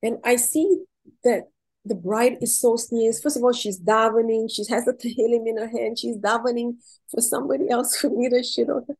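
A woman's voice: a little high, normal speed, a little mellow, husky, poor audio. A middle-aged woman being interviewed, telling heartfelt personal stories in an emotional, effusive way and repeating words when she is moved.

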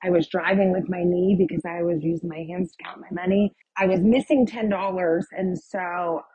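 Woman w a low husky voice telling her testimony, lots of likes and ums, kinda dull dry recording. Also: fairly even intonation, moderate pace, no echo. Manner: vivid retelling, with many "like" and "um" fillers. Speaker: guest sharing her testimony. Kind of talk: personal testimony storytelling.

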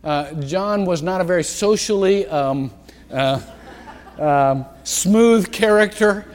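A man's voice: high voice, slow. A male pastor preaching a sermon in a church, rambling and interrupting himself with asides and chuckles. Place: church sanctuary. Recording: church hall reverb.

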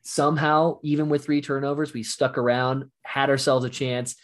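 Animated man telling a game story. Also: mid-range voice, normal speed. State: voice recovering from shouting. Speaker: podcast co-host. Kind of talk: casual sports chat.

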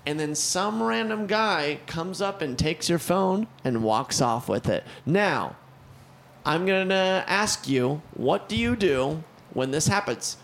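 Animated young man telling a story. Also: fairly high pitch, slow pace, gravelly. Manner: animated storyteller, acts out the people in his stories. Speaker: podcast co-host. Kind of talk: casual chat, storytelling.

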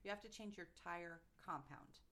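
A woman's voice: lowish voice, moderate pace, a bit bright. A woman co-hosting a podcast, recapping events in casual chat with fillers and playful mock quotes. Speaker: podcast co-host.

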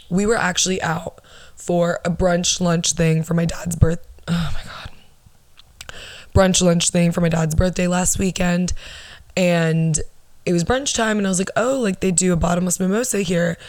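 A woman's voice: on the low side, fairly even intonation, moderate pace, darkish tone, dry recording. A young woman in her twenties telling a story on her podcast in a casual, sarcastic and blunt way, swearing freely. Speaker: podcast host.

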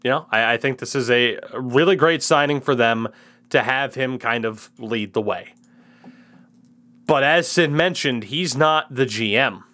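A man in his twenties co-hosts a casual sports podcast, ranting, swearing, and giving opinionated takes. His medium-pitched voice is unhurried, pushed, and bright.

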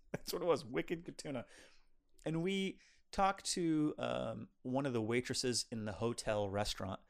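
A man with a gravelly, mid-range voice speaks unhurriedly as a co-host on a film review podcast. He chats casually, telling lively anecdotes that ramble along.

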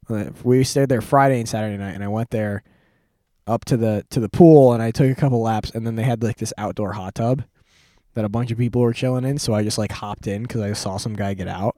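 In a dry, studio-quality recording, a man in his twenties with a warm mid-range voice hosts a casual podcast. He rambles through a story, laughing often, with lots of fillers and restarts.

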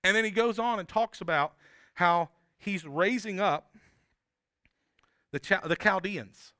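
Bright, earnest male pastor preaching. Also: high-pitched, a little slow, no room sound, clean studio sound. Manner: conversational, earnest, with frequent restarts and tag questions. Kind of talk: sermon.

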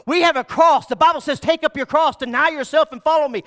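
A middle-aged pastor preaches to his church in a very high, bright, forceful voice. He swings from shouted peaks down to hushed, confiding asides. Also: fast, hardly any pauses. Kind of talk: sermon. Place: church sanctuary.

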